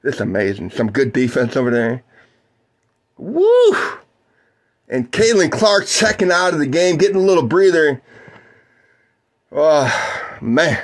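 Excitable man calling a game. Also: on the high side, normal speed. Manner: excited whoops and shouts on big plays, mellow chatty asides to viewers. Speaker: play-by-play streamer. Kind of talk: live play-by-play commentary.

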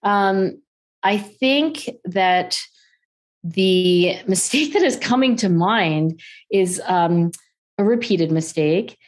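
A middle-aged woman as an interview guest, talking in casual, animated conversation and laughing easily as she acts out quoted voices. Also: mid-range voice, slow pace.

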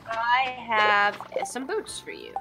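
A woman casually chatting and reacting while playing a farming game with a friend, excitable and quick to swear. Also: on the high side, over music. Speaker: Let's Play gamer. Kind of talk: casual co-op gaming chat. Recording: clear background noise.

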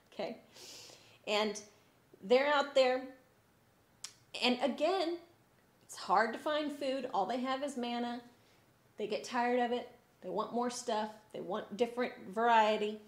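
Woman children's church teacher, expressive storytelling, echoey church room. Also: mid-range voice. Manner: expressive, swinging between sad and lively. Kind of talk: Bible story lesson for kids.

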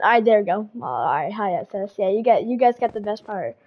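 A woman's voice: medium pitch, big pitch swings, a little fast, slightly rough, lo-fi sound. A woman streaming a game live, chatting casually with her viewers and repeating phrases, with a slight cold. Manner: chatty, repeats herself, greets chat.

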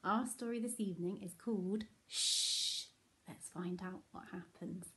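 A woman teacher reading a bedtime picture book to her class in a gentle, soothing way. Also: fairly low pitch, unhurried, a little hiss or hum. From England.

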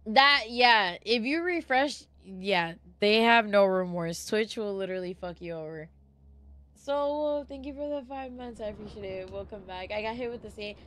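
A young adult woman streams a horror game live, jumping easily at scares, swearing, and chatting with viewers and thanking them between frights. Her medium-pitched voice is expressive and a bit bright, at a normal pace.

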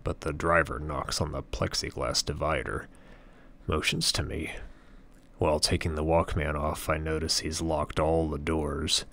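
A man reads a novel aloud as a first-person audiobook narrator, cool and measured throughout. His voice is extremely deep, and the recording is dry and close with no room sound. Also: fairly even intonation, vocal fry, a bit bright, no room sound.

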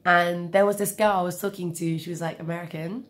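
Young woman with a cold, slightly low voice, rambling storyteller. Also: steady tone, a little fast, slight background noise. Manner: chatty, rambling with asides. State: has a cold, coughing. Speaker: vlogger. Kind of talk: casual storytelling.

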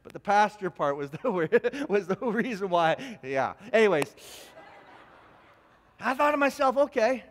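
A man preaching a sermon as pastor, telling stories in an animated, self-deprecating way with frequent restarts. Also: high voice, a little slow, long pauses, a little hiss or hum. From Ontario, Canada. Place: church sanctuary. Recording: long church hall reverb.

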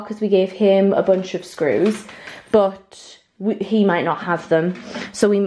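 A woman's voice: mid-range voice, a little mellow. A woman in her twenties talking casually to the camera as she walks around her new home, rambling and filling gaps with "like". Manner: chatty and rambling, many "like" fillers. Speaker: lifestyle vlogger. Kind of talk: casual vlog chat to camera. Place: indoors in a newly moved-into house.

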